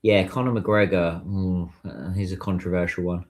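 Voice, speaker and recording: A man's voice: low voice, fairly even intonation, moderate pace, darkish tone. A British man hosting a casual livestream, chatting and answering viewer messages. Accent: British English. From United Kingdom. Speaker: livestream host.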